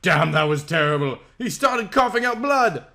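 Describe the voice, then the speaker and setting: Man doing a brooding male vampire, dark put-on voice, fan-fic reading, slightly high. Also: very animated, normal speed, gravelly, full character voice. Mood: panicked.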